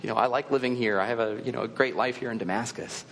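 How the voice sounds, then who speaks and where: A man's voice: medium pitch, steady tone, quick pace, a bit bright, in a large hall, slight background noise, lightly acted. A man playing a panicked, disbelieving believer. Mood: incredulous. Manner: pleading, half-laughing disbelief. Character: fearful, incredulous male believer protesting to God.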